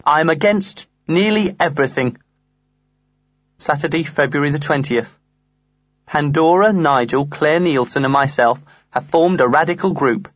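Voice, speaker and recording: A man reading a comic diary aloud in the first person, earnest and lively. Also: fairly high pitch, normal speed, no room sound, highs cut off. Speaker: audiobook reader.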